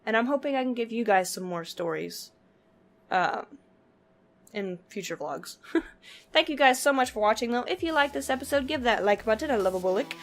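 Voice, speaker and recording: A woman vlogs to her viewers, telling a story casually, laughing often and filling her speech with "like" and other fillers. Her voice is fairly high with lively intonation at a normal speed.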